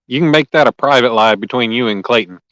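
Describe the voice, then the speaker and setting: A man chats easily with his viewers during a fishing livestream by the lake, folksy and relaxed. His voice is smooth and clear, mid-pitched, and close and dry with no room around it. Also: fast, dry recording, rough recording. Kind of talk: casual livestream chat. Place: lakeside outdoors.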